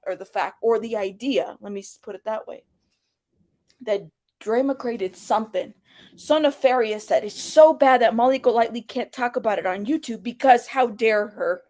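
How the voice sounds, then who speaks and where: A woman's voice: a little high, moderate pace, a little mellow. A woman hosting her own commentary channel, talking bluntly and sarcastically and swearing freely. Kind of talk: casual commentary.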